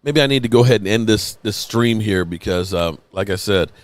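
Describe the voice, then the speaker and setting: A man hosting a sports channel, reacting live on a stream, tipsy from rum and rambling in an excited, emotional way with plenty of swearing. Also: fairly low pitch, brisk, no room sound.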